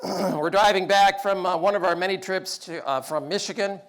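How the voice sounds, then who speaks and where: A man's voice: high voice, fairly even intonation, normal speed, fairly bright tone. A man giving a storytelling talk about fatherhood with wry, self-deprecating humor. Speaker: public speaker.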